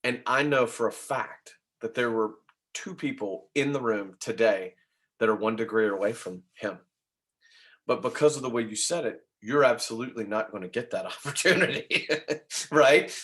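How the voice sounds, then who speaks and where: Man teaching a room of agents, chatty and animated, steady mid-range voice, keeps checking in with "right?". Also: mid-range voice. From Nashville. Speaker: real estate trainer. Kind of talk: training talk to agents.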